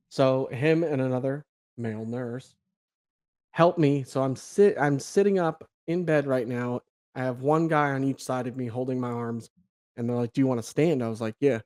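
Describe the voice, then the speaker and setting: A young man tells a personal story as a podcast guest, acting out the other people's lines and laughing along. He talks casually and swears freely, with a voice of ordinary male pitch. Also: normal speed. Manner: animated, acts out quoted dialogue, laughs, swears casually.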